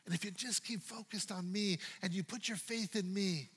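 A pastor voicing Jesus as a gentle, reassuring man who speaks softly and intimately. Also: high-pitched, moderate pace, breathy edge, in a large hall. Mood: tender. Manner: hushed, tender, intimate.

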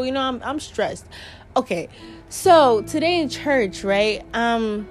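A woman's voice: on the high side, animated, unhurried, faint music behind. A young woman, hosting her podcast in a rambling, chatty monologue, swearing and laughing often. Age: young adult. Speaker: podcast host. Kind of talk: casual monologue.

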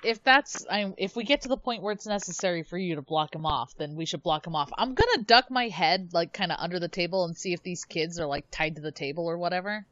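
A woman's voice: fairly low pitch, fast, hardly any pauses, fairly bright tone, highs cut off. A woman player in a tabletop game, talking casually with a playful, bold manner.

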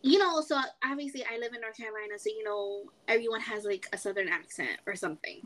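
A woman in her thirties from the Bronx, co-hosting a podcast and telling a chatty, animated story. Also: fairly high pitch, fast, poor audio. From the Bronx, New York. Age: 30s. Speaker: podcast co-host. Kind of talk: casual chat, storytelling.

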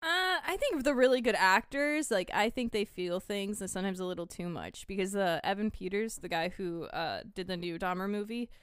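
A woman's voice: mid-range voice, normal speed, few pauses, clean tone, dry recording, clean studio sound. A woman co-hosting a casual movie review podcast, wry and skeptical, with blunt commentary. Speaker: podcast co-host.

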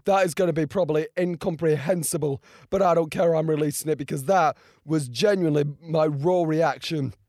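A young man with a hoarse, strained voice, talking through a race in a casual, excitable and rambling way, full of fillers and restarts. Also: a little high, brisk, few pauses, no room sound, clean studio sound. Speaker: motorsport video creator. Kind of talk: casual reaction and race breakdown.

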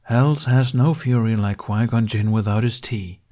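A man's voice: on the low side, a little slow, dark tone, natural voice. A man voicing a young male Jedi apprentice who is earnest, polite and hesitant. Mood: worried.

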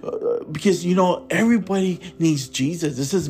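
A man's voice: high-pitched, moderate pace, darkish tone, faint music behind. A man hosting a religious podcast who talks earnestly and fervently, repeats himself, and calls his listeners brothers and sisters. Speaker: podcast host. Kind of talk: informal religious podcast monologue.

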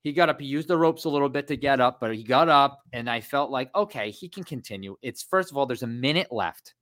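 A man in his thirties co-hosting a casual fight podcast, animated and rambling, swearing freely. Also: mid-range voice, brisk. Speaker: podcast co-host.

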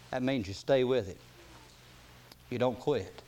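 A man preaching a sermon, reading King James scripture aloud with rising emphasis and dropping soft between readings, with plain folksy asides. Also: mid-range voice, measured pace, long pauses, slight background noise.

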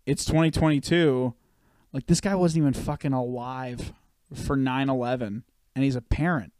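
A man's voice: medium pitch, fairly even intonation, moderate pace, a little mellow, no room sound. A man in his thirties from Canada, co-hosting a podcast and telling long rambling stories full of swearing. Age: 30s. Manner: rambling, swears a lot, storytelling. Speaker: podcast co-host. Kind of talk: casual chat.

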